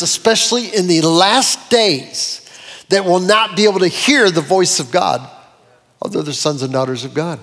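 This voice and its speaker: A man preaching a sermon in an animated way, with dramatic swings in his voice as he quotes scripture. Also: high-pitched, in a large hall. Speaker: pastor.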